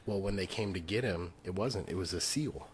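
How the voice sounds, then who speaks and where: A man's voice: low voice, normal speed, slight background noise. A man co-hosting a faith podcast, earnestly retelling someone else's story at length in casual chat. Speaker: podcast co-host.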